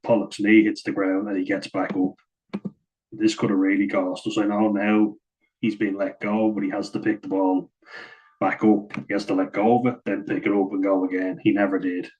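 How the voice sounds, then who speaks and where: A man's voice: fairly low pitch, darkish tone, rough recording. A man giving a chatty, casual voice-over breakdown of rugby footage, often saying "like" and chuckling at his own asides. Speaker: rugby match analyst.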